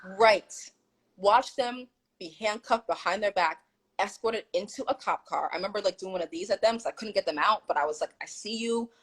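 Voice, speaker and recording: A woman's voice: medium pitch, fairly quick, breathy edge, poor audio. A woman guest on a live stream telling a story animatedly and emphatically, quoting what people said. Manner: animated, emphatic retelling with quoted dialogue. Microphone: phone or video call.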